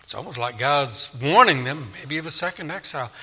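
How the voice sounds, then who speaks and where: A male preacher with a very bright, sharp voice delivers a sermon, slipping into dramatic voices for God and the crowd. His voice sits a little high, and a long reverb trails each phrase. The sound carries the echo of a large hall. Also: big pitch swings, fairly quick, few pauses. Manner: dramatic, acts out God's and people's voices. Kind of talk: expository sermon.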